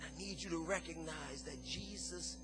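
A man's voice: on the high side, moderate pace, music in the background, poor audio. A man preaching an impassioned sermon to his congregation, calling out to the listeners. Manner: impassioned preaching, call-and-response. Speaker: pastor.

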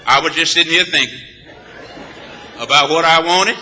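A man's voice: a little high, normal speed, bright, forceful tone, long reverb tail, a faint crowd, a little hiss or hum, voice pushed down. A man voicing a wife sitting up in bed, musing as she talks.

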